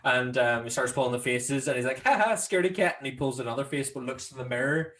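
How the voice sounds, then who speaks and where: A Northern Irish man co-hosts a relaxed film chat. He laughs often and slips into quick put-on voices to quote scenes. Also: mid-range voice. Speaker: podcast co-host.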